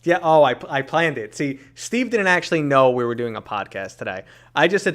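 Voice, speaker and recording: Podcast host, thirties, New York accent, playful and teasing, mid pitch. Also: male voice, expressive, brisk, hardly any pauses, fairly bright tone. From New York City. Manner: joking, teasing, reads chat comments aloud. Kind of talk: casual chat.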